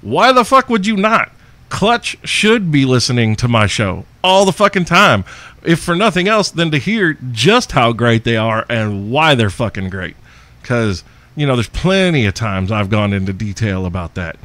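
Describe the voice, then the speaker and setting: A man hosting his own podcast, reading listener questions in a brash, profane, boastful way, with loud outbursts and laughs. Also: medium pitch, big pitch swings, moderate pace, no room sound. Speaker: podcast host.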